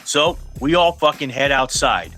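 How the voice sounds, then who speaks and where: A man's voice: medium pitch, normal speed, faint music behind. A male podcast host telling a story in casual, profane speech, acting out what other people said. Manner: animated, profane, acts out quoted voices. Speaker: podcast host and event promoter.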